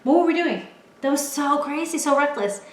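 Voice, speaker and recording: A woman in her twenties telling stories from home in a casual chat, animated and laughing, with lots of filler "like". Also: high-pitched, brisk. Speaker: vlogger, storyteller. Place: at home, in a room. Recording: roomy echo.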